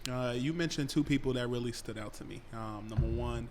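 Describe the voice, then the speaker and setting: A man's voice: medium pitch, a little mellow, slight background noise. A man co-hosting a podcast, asking playful questions in casual chat. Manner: playful, quick questions with laughter. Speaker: podcast co-host.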